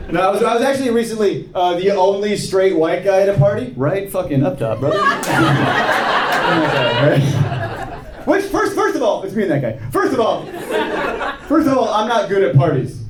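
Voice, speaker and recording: A man doing a stand-up comedy set, self-deprecating, with quick asides and acted-out quoted voices. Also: sits high, big pitch swings. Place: comedy club stage before a laughing audience. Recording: echoey live room with crowd noise.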